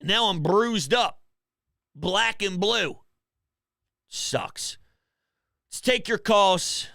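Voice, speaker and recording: A man hosts a call-in sports show from his home office, venting in a subdued, dejected way. His voice sits high and gravelly. The sound is close and dry. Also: slow, pushed and bright, no echo. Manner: dejected, low-key venting. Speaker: sports talk show host.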